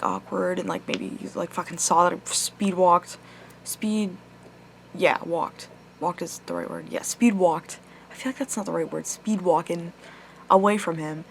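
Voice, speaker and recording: A woman's voice: on the low side, slight background noise. A young woman telling a personal story to her camera, rambling with lots of swearing and filler words. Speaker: vlogger. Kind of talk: casual storytime monologue.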